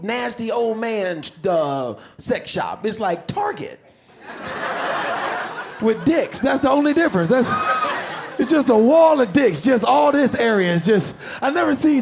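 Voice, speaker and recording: A middle-aged male comedian doing a loud, animated stand-up set on a club stage, shouting punchlines. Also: extremely high pitch, gravelly. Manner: loud, animated delivery with frequent laughs and shouts. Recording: live club with crowd and noise.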